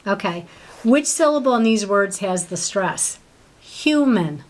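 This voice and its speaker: A woman's voice: mid-range voice, animated, normal speed. Brief: woman teacher, patient, one-on-one tutoring, prompts with questions. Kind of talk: one-on-one reading lesson.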